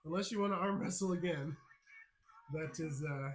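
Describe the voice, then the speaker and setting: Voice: mid-range voice, normal speed. A game master narrating a tabletop game, laughing often and swearing casually. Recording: loud background music.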